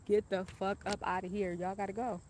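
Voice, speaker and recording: A woman's voice: medium pitch, flat delivery, brisk, darkish tone, slight background noise, natural voice. A woman quoting a shaken young male robber, urgent and apologetic, in her own voice.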